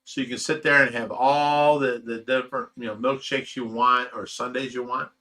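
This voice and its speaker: Middle aged ohio guy rambling on his stream, bright voice, lots of ums and restarts. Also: mid-range voice, little pitch movement, moderate pace. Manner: emotional, rambling storytelling with fillers and laughs. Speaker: fish rescue channel host reading live chat. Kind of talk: casual livestream chat.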